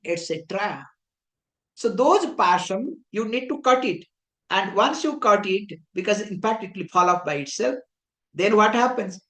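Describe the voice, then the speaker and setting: A woman's voice: mid-range voice, a bit bright. A woman spiritual teacher giving a scriptural discourse, explaining patiently with many rhetorical questions and reciting verses in chant-like phrases. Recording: echoey room.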